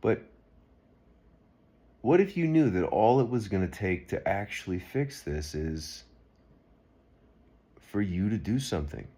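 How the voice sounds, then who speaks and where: Deep husky man, rambling and earnest. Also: big pitch swings, measured pace, pauses often, mellow. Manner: rambling and earnest, with frequent restarts. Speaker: video blogger. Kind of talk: unscripted political monologue.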